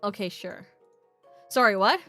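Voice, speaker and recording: A woman's voice: medium pitch, animated, unhurried, pushed and bright, soft background music. A woman streaming a video game, chatting playfully and reading dialogue aloud.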